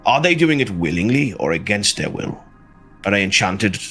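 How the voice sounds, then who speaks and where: A man playing his character in a tabletop game, speaking in a measured, questioning way. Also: on the low side, sing-song, fairly bright tone, soft background music. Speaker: player.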